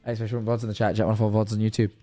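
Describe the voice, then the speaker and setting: A man's voice: fairly low pitch, little pitch movement, very fast, mellow, soft background music. Tired young man rambling through a sign-off. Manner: rambling, chatty, loose with swearing. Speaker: livestream host. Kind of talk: casual stream sign-off chat.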